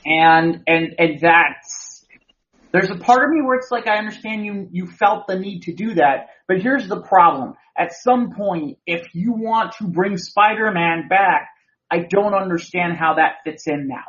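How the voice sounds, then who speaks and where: A man's voice: sits high, unhurried, a bit bright. Rambling male podcast co-host, muffled audio. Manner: rambling, with many restarts and repeated words. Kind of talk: casual chat, movie review.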